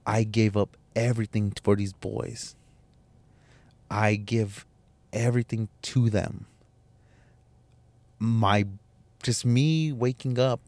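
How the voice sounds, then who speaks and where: Candid low-voiced man telling his story. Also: a little mellow, no echo. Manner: candid and emotional, swears, restarts. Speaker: podcast host. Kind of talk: personal storytelling monologue.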